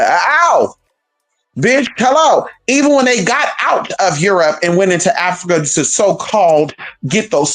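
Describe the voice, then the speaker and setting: A man hosting his channel delivers a casual rant to camera in a high-pitched, fairly bright voice. He's sassy and profane, with swooping, emphatic delivery.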